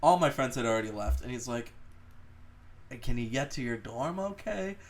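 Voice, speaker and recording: Young male podcast co-host, casual storyteller, mid pitch, faint noise. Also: normal speed. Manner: swearing, animated storyteller who laughs while telling.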